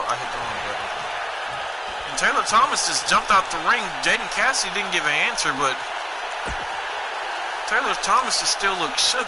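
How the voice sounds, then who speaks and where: A man's voice: fairly high pitch, low-quality recording. A young man doing casual gameplay commentary, rambling and joking at his own expense. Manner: rambling, joking, self-mocking.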